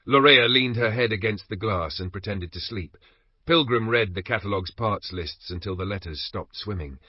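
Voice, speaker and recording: A man narrating an audiobook in a steady, measured reading. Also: fairly low pitch, slightly rough, no room sound. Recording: dry, slightly dull recording.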